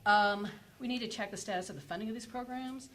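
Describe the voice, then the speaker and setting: A woman's voice: medium pitch, quick pace, fairly bright tone, slight background noise, low-quality recording. A woman giving a conference panel presentation, speaking with many fillers and restarts as she works through her points. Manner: hesitant, many fillers and self-corrections. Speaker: energy policy panelist.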